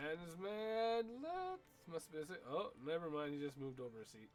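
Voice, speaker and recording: Man, game streamer, casual playful commentary, talks to characters, bouncy voice, slightly high. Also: sing-song, normal speed, hardly any pauses, soft background music.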